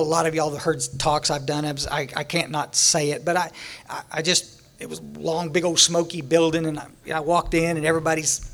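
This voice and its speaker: A man's voice: on the high side, fairly bright tone. Folksy man telling his story. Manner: folksy storytelling with jokes and laughter. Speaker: speaker sharing his recovery story. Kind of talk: recovery meeting talk.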